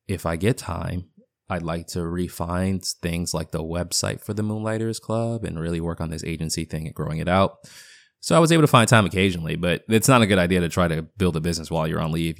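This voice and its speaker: Deep-voiced with noticeable vocal fry, a man in his thirties hosts his podcast from his home basement. Partly Boston-accented, he rambles casually through a solo update, restarting and using fillers, and the recording is dry and studio-quality.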